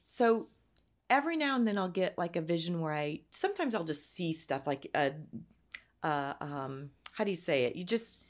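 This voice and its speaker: A woman telling her personal faith story as an interview guest, earnest and halting, near tears at times. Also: on the low side, animated. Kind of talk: emotional personal testimony.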